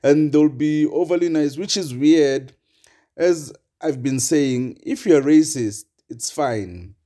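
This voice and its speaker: A man's voice: on the high side, takes it slowly, warm tone. A young man hosting a solo podcast, talking casually and rambling with many fillers and chuckles. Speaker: podcast host.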